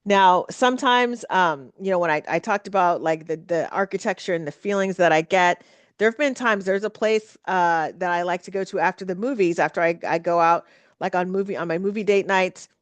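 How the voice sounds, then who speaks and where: A woman's voice: fairly low pitch, fairly quick, dry recording. A woman hosting a casual solo podcast, rambling with lots of fillers and restarts. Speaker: podcast host.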